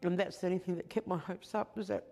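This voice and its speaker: Older Australian woman, interviewee; dark, gravelly tone, quiet and reflective. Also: lowish voice, fairly even intonation, quick pace, faint music behind. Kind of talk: documentary interview recollection.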